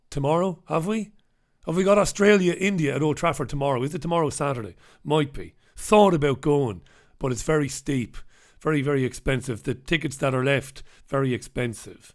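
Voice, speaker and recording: A man's voice: a little high, fairly bright tone. A middle-aged man, hosting a casual live-stream and chatting, joking and reading out viewers' names. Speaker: host.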